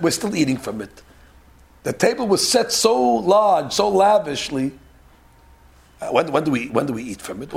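A man giving a lively, conversational Torah lecture, acting out quoted voices and slipping in Hebrew phrases. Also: high voice, gravelly, background noise. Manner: animated, conversational, acts out quotes, mixes in Hebrew. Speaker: rabbi giving a Torah class.

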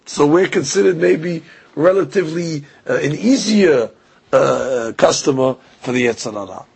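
A man with a gravelly, raspy voice that sits a little high for a man delivers a Torah lecture. He tells the story with animation and slips into the voices of the people he quotes. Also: lively intonation, normal speed, darkish tone, low-quality recording. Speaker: Torah teacher. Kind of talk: religious lecture.

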